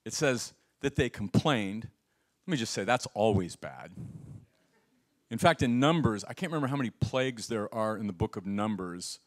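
A man preaching a sermon as pastor, with a lively, humorous delivery full of asides. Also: lowish voice, normal speed. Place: church sanctuary.

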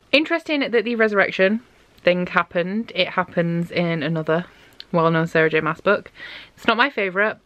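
A woman's voice: fairly low pitch, fairly bright tone, lo-fi sound. A young woman chatting casually in a book diary, gushing about what she reads and saying "like" a lot. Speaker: book vlogger.

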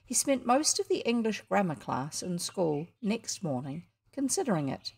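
A woman's voice: medium pitch, big pitch swings, normal speed, vocal fry, darkish tone, slightly rough. A woman with a New Zealand accent reading a children's story aloud, adding chatty asides to listeners. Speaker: audiobook reader.

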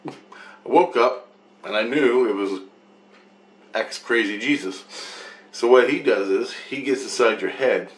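A man's voice: medium pitch, a little slow, long pauses. A man telling a rambling personal account, swearing freely and repeating phrases over and over. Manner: repetitive, profane, loops back on phrases.

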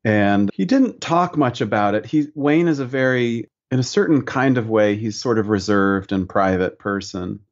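A man from the United States speaks as a podcast guest, slow to reflect and easy in his storytelling. His voice sits a little low. The recording sounds muffled and lo-fi. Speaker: guest painter. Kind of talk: relaxed podcast conversation.

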